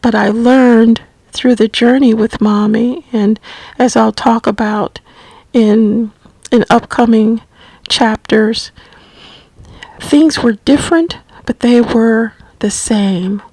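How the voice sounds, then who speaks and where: A middle-aged woman telling a personal story about caring for her mother, slow and gently reflective. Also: a little high, fairly even intonation, no echo, low-quality recording. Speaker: family caregiver recounting her mother's illness.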